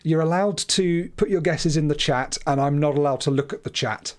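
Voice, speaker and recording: A man's voice: fairly high pitch, moderate pace. Chatty man thinking aloud on a stream. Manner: chatty, hesitant, stumbling over words while puzzling things out. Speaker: livestream host. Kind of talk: live game commentary, thinking aloud.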